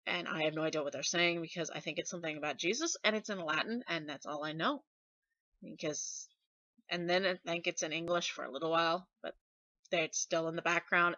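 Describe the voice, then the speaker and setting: A woman's voice: lowish voice, sharp tone, no echo. A woman vlogger chatting casually and rambling, with asides and fillers. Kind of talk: casual chat. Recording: dull lo-fi dry recording.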